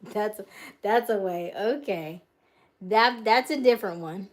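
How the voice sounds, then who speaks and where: In a casual live-stream from her half-moved-into home, a woman with a medium-pitched voice takes her time as she chats. She responds to viewer comments aloud, often laughing and drifting off mid-thought.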